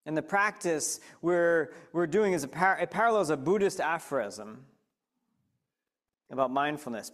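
A man's voice: on the high side, moderate pace. A man leading a mindfulness talk, speaking conversationally and directly to a live audience with frequent questions. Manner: animated, addresses listeners directly with questions.

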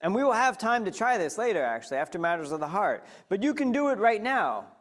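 Man, somewhat high-pitched, animated, conversational, questions the audience, leading a mindfulness talk. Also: fast. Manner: animated, addresses listeners directly with questions.

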